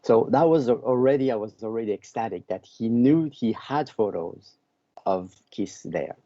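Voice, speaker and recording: A man from Belgium, a podcast guest who tells a long story slowly and often repeats words as he searches for them. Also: medium pitch, expressive, warm tone, dry recording, highs cut off. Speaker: podcast guest, book author.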